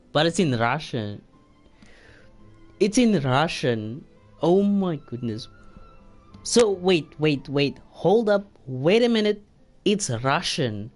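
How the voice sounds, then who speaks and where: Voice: mid-range voice, very animated, slow, pauses often, faint music behind. A game streamer chatting casually, joking and stumbling while reading foreign words aloud. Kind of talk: casual live-stream commentary.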